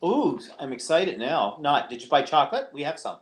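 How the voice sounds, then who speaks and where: A man's voice: a little high, sing-song, moderate pace, hardly any pauses. A man co-hosting a casual live-stream chat, campy with theatrical exclamations and cheeky jokes. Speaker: co-host.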